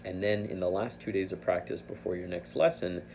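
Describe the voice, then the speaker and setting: Male flute teacher, low and gravelly, patient, self-correcting, faint hiss behind. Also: steady tone, a little fast, darkish tone. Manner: patient, thinking aloud with restarts. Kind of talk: instructional explanation.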